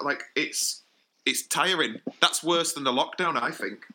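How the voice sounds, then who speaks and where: Male podcast co-host, very bright tone, casual wry storyteller. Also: fairly high pitch, a little slow, a little hiss or hum. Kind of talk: casual chat.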